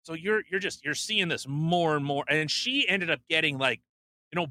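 A man's voice: a little high, lively intonation, fairly quick, bright, forceful tone. A man co-hosting a casual podcast, ranting bluntly and with profanity, mocking others in put-on voices. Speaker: podcast co-host; truck driver.

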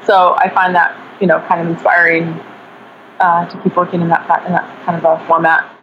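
A woman's voice: fairly low pitch, little pitch movement, brisk, highs cut off, a little hiss or hum. A woman artist talking reflectively in a casual interview, with frequent fillers.

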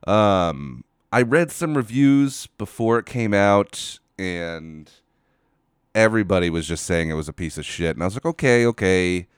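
A man's voice: deep voice, expressive, unhurried, smooth, dry recording, studio quality. A man hosting a casual solo podcast, ranting with exasperation, swearing and rambling into a microphone. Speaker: podcast host. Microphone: studio microphone.

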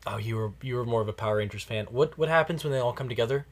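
A man's voice: medium pitch, rapid-fire. A man hosting a podcast, chatting casually and teasing his guest with sarcastic banter. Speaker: podcast host. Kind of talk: casual chat.

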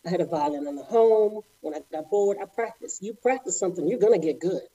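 Middle-aged woman, very dark mellow voice, lively storyteller, bit dull podcast sound. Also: lowish voice, fast, husky. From Houston, Texas. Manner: animated storyteller, acts out quoted voices. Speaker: guest, former principal ballerina. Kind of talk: storytelling interview.

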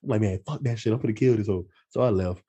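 A man's voice: on the low side, fast, breathy edge, muffled recording. A young man telling a story in casual chat with friends, acting out the voices of the people in it. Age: young adult. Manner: animated storytelling, mimics others' voices.

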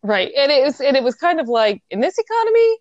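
A woman in casual conversation, giving animated commentary on a book's plot. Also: sits high, fast, no room sound, muffled recording. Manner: animated, lively commentary with laughs. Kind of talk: casual book discussion.

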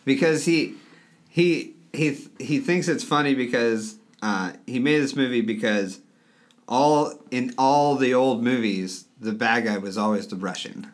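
Halting man in easygoing podcast chat. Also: medium pitch. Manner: halting, restarts sentences, laughs along. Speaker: podcast co-host. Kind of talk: casual chat.

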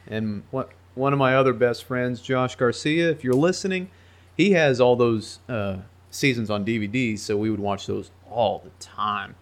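A man with a mid-range voice, talking in a relaxed, easygoing way on a podcast. He recalls shows fondly. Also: medium pitch, normal speed. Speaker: podcast co-host. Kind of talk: casual chat.

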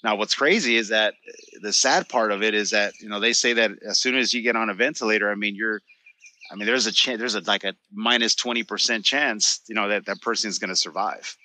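A man's voice: on the low side, brisk, sharp tone. A man co-hosting a podcast, explaining his views emphatically in casual conversation. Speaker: podcast co-host. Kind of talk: casual chat.

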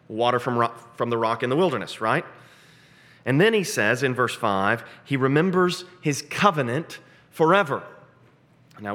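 A man preaching an expository sermon, earnest, asking rhetorical questions and slowing down to stress key phrases. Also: mid-range voice, a bit bright.

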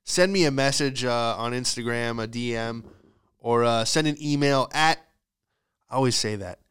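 A man hosting a podcast who tells a comedic story in a profane, exasperated, animated ranting style. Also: mid-range voice, moderate pace, clear, resonant tone. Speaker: podcast host.

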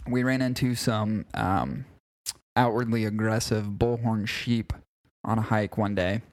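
A man's voice: on the low side, fairly even intonation, unhurried. A young man co-hosting a podcast, telling a long rambling story in casual chat and leaning on "like" between phrases. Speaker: podcast co-host.

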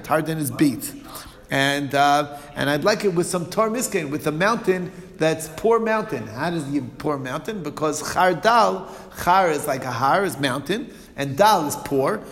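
A man leads an informal religious study lesson, stumbling through fillers and restarts as he explains. His voice is somewhat high with a gravelly edge. The sound carries a long reverb, as in a large hall. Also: a bit bright. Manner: halting, many fillers and restarts, chuckles at own examples. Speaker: Talmud teacher.

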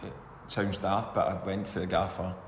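In an echoey room with long reverb and faint hiss, a middle-aged man from Scotland who once played football tells rambling stories in a casual interview, chuckling at times. His low voice is flat and moves at a moderate pace.

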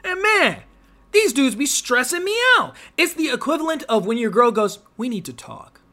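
A man's voice: very high-pitched, very animated, moderate pace, sharp tone. A young man hosting a casual podcast, telling stories with slang and profanity and big swings in his voice. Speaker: podcast host.

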